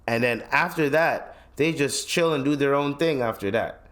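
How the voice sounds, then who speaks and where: A man in the middle of a solo podcast rant, his voice sitting at an ordinary pitch for a man. He talks bluntly and curses freely, with plenty of slang. He keeps circling back and restarting his thoughts as he goes. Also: moderate pace, a bit bright. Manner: profane, blunt, heated opinion talk; rambling with frequent restarts and slang. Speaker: podcast host.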